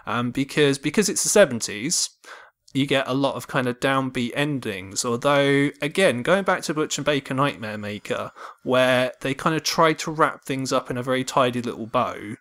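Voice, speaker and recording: A man of middle pitch co-hosts a relaxed film review podcast. He talks in a thoughtful, meandering way, hedging with plenty of fillers as he weighs his points. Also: moderate pace. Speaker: podcast co-host. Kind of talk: casual film review chat.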